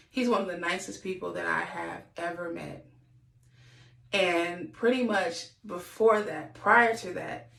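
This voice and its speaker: A woman's voice: fairly low pitch, gravelly, a bit bright, reverberant. A woman podcast host sharing a candid, earnest personal reflection, sometimes acting out what people said. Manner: earnest, confessional, acts out quotes.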